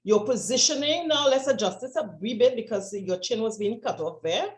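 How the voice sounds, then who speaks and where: A woman coaching speakers over a video call, giving brisk, encouraging directions. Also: fairly high pitch, lively intonation, echoey room. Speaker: presentation coach. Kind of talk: online coaching session.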